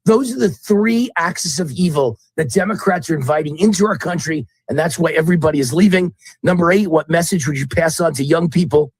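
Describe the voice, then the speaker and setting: A man's voice: a little high, a little fast, hardly any pauses, breathy edge, no room sound. A man answering a list of interview questions as a guest commentator, emphatic and repeating his points.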